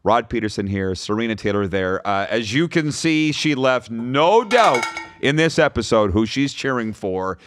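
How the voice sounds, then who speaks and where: A man hosting a sports talk podcast in a studio, with an emphatic, energetic broadcaster delivery. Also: medium pitch, normal speed, hardly any pauses, slight background noise. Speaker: podcast host. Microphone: studio microphone.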